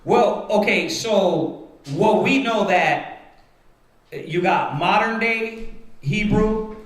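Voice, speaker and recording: A man with a high voice leads a Bible study at an unhurried pace. He explains his points step by step and keeps turning to his listeners to make sure they follow. The sound is roomy, with plenty of echo. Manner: rhetorical, repeatedly checks with "right?". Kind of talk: teaching Bible study to a congregation. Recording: roomy echoing room.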